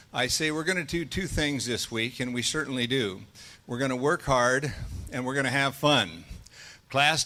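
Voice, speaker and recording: A middle-aged man, giving a folksy welcome speech at an event in a hotel room, with many fillers. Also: medium pitch. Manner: loud drilled chanting of tongue twisters and number scales. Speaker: auction school president.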